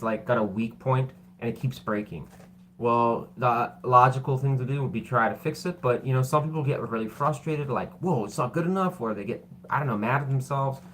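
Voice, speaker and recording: A man giving a casual tarot reading, rambling and loose with many fillers, and quick to apologize and poke fun at himself. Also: medium pitch, fairly bright tone, slight background noise. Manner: self-deprecating and apologetic. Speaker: tarot reader.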